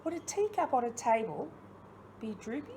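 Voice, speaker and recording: Her voice is on the high side and sing-song, dark in tone, at a moderate pace, with slight hiss or hum in the background. She's an Australian primary school teacher giving young children a recorded online lesson, talking straight to them with questions and warm, expressive encouragement.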